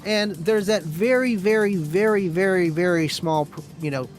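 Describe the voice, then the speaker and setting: A man hosting a casual live stream, chatting in a rambling, friendly way, reading viewer comments aloud and often clearing his throat. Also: high-pitched, normal speed, faint music behind, low-quality recording.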